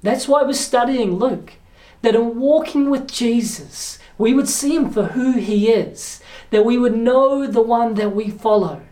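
Pastor, sermon delivery, earnest and direct, challenges the listeners, mid-range pitch. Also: darkish tone.

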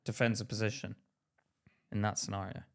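A man's voice: on the low side, level tone, brisk, fairly bright tone. A man co-hosting a podcast, teasing and arguing playfully in casual chat. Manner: teasing, argumentative banter. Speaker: podcast co-host.

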